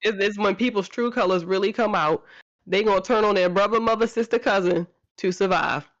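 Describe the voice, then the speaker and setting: A man's voice: sits high, brisk, fairly bright tone, highs cut off. A man co-hosting a podcast, making dry comments in casual chat and chuckling.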